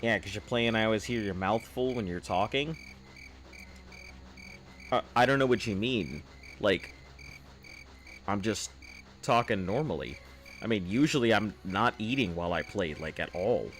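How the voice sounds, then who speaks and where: A man's voice: lowish voice, animated, normal speed, pauses often, a bit bright. A man streaming a game, chatting casually with viewers in a rambling, offhand way full of fillers. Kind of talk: casual live-stream chat.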